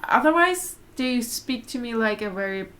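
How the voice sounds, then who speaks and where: A woman's voice: on the high side, animated, moderate pace, bright, forceful tone, slight background noise. A young German woman, German her first language, co-hosting a casual livestream chat and laughing often. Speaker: vlog co-host.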